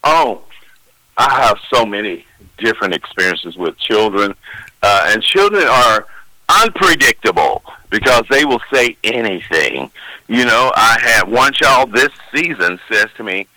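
A bright, forward-voiced older man with a drawl, spinning homespun stories as a professional Santa. The recording is dry and close, with little room sound. He talks in a folksy, rambling way, full of small restarts. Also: on the low side, expressive, unhurried, no room sound, low-quality recording. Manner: folksy storyteller, acts out children's voices. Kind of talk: interview answers, anecdotes.

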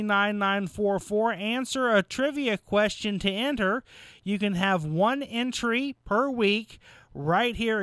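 High, bright-voiced radio host. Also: male voice, smooth, no room sound. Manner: friendly, chatty with callers. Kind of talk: call-in trivia show.

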